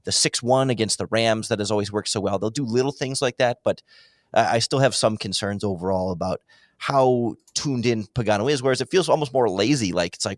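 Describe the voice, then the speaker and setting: A man in casual football analysis chat, talking in quick animated bursts as a podcast guest. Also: fairly low pitch, no echo. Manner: animated, quick, breaks into mock impressions. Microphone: remote call microphone.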